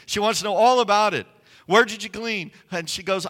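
A man preaching a sermon, telling stories with swings from hushed tones to loud, emphatic passages. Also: sits high, animated, fairly quick, in a large hall. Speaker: pastor.

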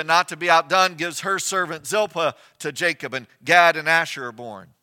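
Bright-toned man preaching a sermon. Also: fairly high pitch. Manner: storytelling preacher, rhetorical questions, varies loudness for emphasis. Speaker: pastor.

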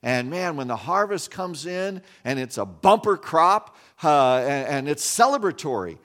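A man's voice: fairly high pitch, lively intonation, a little slow, fairly bright tone. A man from West Virginia preaching a sermon in a conversational way, with folksy asides and frequent restarts. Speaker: pastor.

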